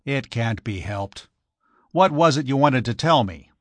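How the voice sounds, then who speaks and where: A man voicing an irritable older millionaire who blusters loudly and contemptuously. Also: mid-range voice, lively intonation, measured pace, dry recording, lightly acted. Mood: grumbling.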